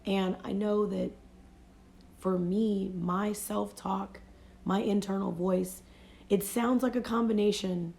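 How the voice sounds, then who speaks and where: A woman's voice: medium pitch, vocal fry, mellow. A woman life coach giving a casual motivational talk on a phone livestream, speaking reflectively and often saying "you know".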